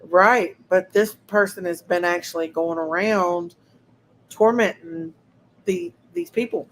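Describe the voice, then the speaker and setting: A woman's voice: medium pitch, expressive, slow, low-quality recording. A woman hosting a casual livestream, talking to her chat viewers and sounding indignant. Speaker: livestream host.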